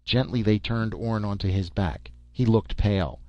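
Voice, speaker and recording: Low-voiced man reading a story. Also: normal speed, dry recording. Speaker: narrator. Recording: dull lo-fi recording.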